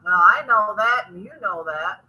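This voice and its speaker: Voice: medium pitch, normal speed, sharp tone, slightly rough, low-quality recording. A laid-back chat partner giving short, easygoing replies in a casual conversation.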